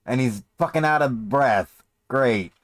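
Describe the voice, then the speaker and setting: A man's voice: medium pitch, measured pace, crowd noise. A man giving crude, sarcastic commentary as he reacts to a video, swearing often. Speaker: streamer reacting to a clip.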